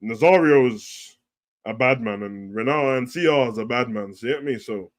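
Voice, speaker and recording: A man hosting a casual live stream reads out chat comments in a mid-range, slightly fast voice. His manner is blunt, profane, slangy and heavy, swinging between loud and quiet.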